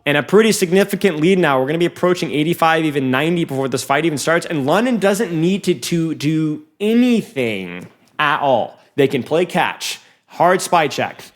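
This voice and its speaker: Excitable male esports coach, lively pitch. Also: normal speed. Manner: excitable, voice jumping up when plays swing; talks straight to viewers. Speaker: esports coach reviewing a match. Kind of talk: casual match analysis commentary.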